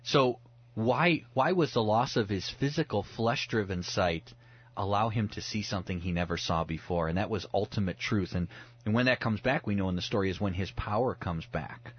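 A man's voice: on the low side, moderate pace, slightly rough, highs cut off. A man speaking as a pastor guest on a radio talk show, earnest and reflective, often restarting his words as he thinks aloud. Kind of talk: radio talk about the Bible.

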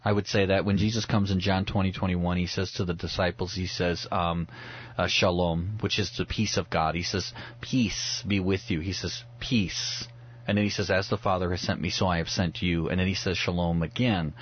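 An earnest man with a lowish, slightly husky voice walks through a Bible passage in conversational teaching. He talks reflectively and often restarts his sentences. The sound is muffled and lo-fi. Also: fairly even intonation, moderate pace. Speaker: pastor, radio guest.

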